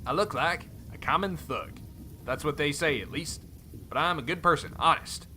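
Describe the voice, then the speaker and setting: A man putting on a rugged mercenary brawler with a twangy cowboy drawl, easygoing and folksy with a sly edge. The voice rings bright and forward in this game dub. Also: fairly high pitch, moderate pace, soft background music. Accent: put-on cowboy drawl. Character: rough friendly male mercenary, brawler.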